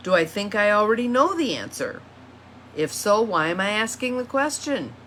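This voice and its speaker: A woman's voice: mid-range voice, a bit bright, a little hiss or hum. A woman, an empowerment coach, talking through self-reflection questions in a casual teaching monologue, reading each question aloud and repeating it.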